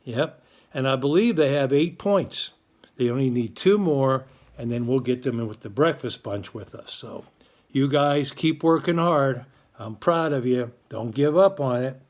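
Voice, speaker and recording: A man's voice: medium pitch, unhurried, darkish tone. A man hosting his school's morning announcements, chatty and encouraging toward students and parents. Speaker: school morning show host.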